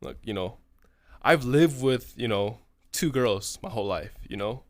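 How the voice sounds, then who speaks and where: A man's voice: mid-range voice, animated, no echo. A profane, rambling young man, dry sound. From California. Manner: profane, rambling, fills every pause with "right?". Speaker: streamer. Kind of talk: casual storytelling to chat.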